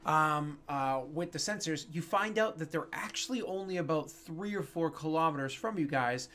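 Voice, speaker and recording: A man's voice: fairly high pitch, normal speed, fairly bright tone, slight background noise. Rambling man running a tabletop game. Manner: rambling, many fillers and self-corrections. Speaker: game master.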